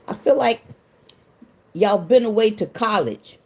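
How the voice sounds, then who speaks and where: A woman's voice: medium pitch, wildly swooping pitch, measured pace, a little mellow, a little hiss or hum. A woman hosting a casual livestream, chatting with viewers and greeting them by name, emotional and confiding, laughing often. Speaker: livestream host.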